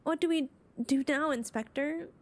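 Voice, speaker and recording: Woman voicing an earnest young female assistant, loyal, eager, high-pitched, game voice-over. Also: moderate pace, lightly acted.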